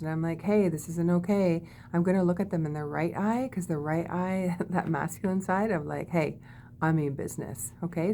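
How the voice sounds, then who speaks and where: A woman teaching body-calming techniques in a gentle, demonstrative way, often checking in with "okay?". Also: deep voice, a little hiss or hum. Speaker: wellness teacher. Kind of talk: guided body-calming lesson.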